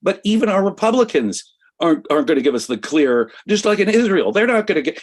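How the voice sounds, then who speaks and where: An impassioned American man delivering heated political commentary on a talk show. His voice sits fairly high for a man, and he presses hard on his points with emphatic insistence. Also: sing-song, a little fast. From United States. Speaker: co-host.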